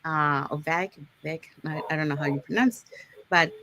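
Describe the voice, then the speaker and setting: A woman's voice: sits low, a little fast, fairly bright tone, a little hiss or hum. A woman presenting an unscripted live online workshop, explaining points step by step and often checking in with the audience by asking "okay?". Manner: unscripted, with fillers and restarts.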